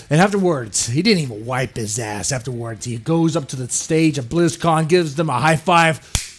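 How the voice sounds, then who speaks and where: A man hosting a podcast, ranting crudely and profanely, mocking others in sudden loud put-on voices. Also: medium pitch, lively intonation, a little fast, husky. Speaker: podcast host. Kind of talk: ranting solo podcast commentary.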